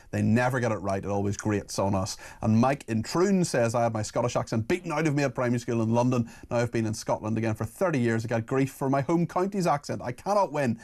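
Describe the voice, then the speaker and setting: A man hosting a talk radio phone-in, chatting with callers and reading out listener messages in a brisk, chatty way. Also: medium pitch, a little mellow.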